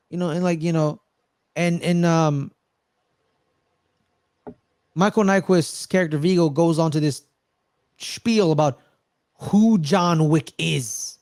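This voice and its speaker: A man co-hosting a casual movie review chat, retelling scenes in an animated way and acting out the characters' lines. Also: fairly high pitch, slow, pauses often, no room sound. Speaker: podcast co-host.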